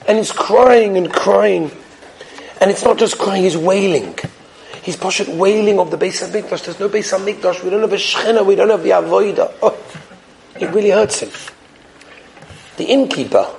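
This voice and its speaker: A man telling a story in an animated way, emotive and repeating phrases for emphasis. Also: high-pitched.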